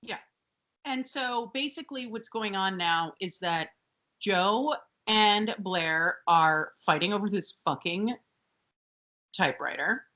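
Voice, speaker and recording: A woman co-hosting a casual podcast, recapping scenes with sarcasm and mimicking characters. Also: slow. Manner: animated, sarcastic, mimics characters in high shrill bursts. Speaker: podcast co-host.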